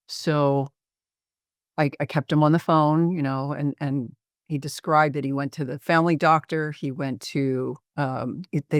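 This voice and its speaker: Gravelly middle-aged man, measured and reflective. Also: medium pitch, no echo, clean studio sound. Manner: measured, reflective, often pauses with "um". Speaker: psychiatrist presenting a case. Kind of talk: case presentation in a webinar.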